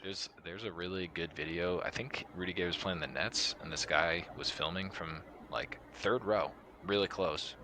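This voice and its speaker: Man, very deep voice, bright tone, lively delivery, casual sports chat. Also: normal speed, hardly any pauses, a little hiss or hum. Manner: animated, breaks into laughter, loud voice impressions. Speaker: podcast co-host.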